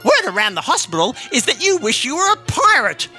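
A screeching pompous parrot. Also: male voice, very high voice, wildly swooping pitch, brisk, pushed and bright, faint music behind, voice pushed up, full character voice. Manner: screechy and annoying. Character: loud screeching parrot surgeon, male, pompous.

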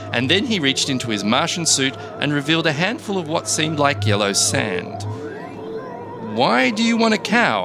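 A man reading a comic first-person story in a dry, deadpan way. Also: mid-range voice. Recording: background music.

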